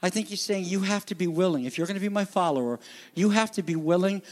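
Man preaching, pastor, high voice, impassioned, loud peaks and hushed drops. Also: fast talker. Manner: impassioned, swings between loud emphasis and hushed near-whispers. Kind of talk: sermon.

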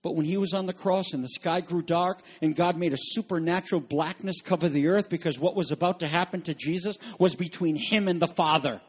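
A man preaching a sermon with passion, swinging between soaring shouts and hushed, low asides. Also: fairly quick, hardly any pauses, breathy edge. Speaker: pastor.

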